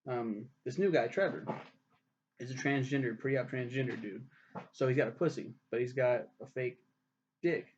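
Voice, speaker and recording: A man's voice: mid-range voice, normal speed. Profane rambling male TV reviewer. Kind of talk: casual spoken review. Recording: dull lo-fi recording.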